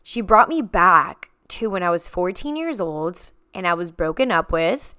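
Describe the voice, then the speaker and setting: A woman's voice: lowish voice, lively intonation, a little slow, bright, forceful tone, clean tone, no echo, studio quality. A woman hosting a podcast, telling a personal healing story in an emphatic, repetitive way and addressing listeners as guys. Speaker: podcast host.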